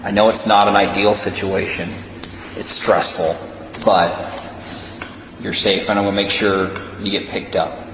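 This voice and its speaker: A male police officer calmly walking someone through a breath test in a station room, patient and reassuring. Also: low voice, measured pace, long pauses. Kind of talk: calm instructions during a breath test. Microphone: body camera. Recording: echoey room with loud ambient noise.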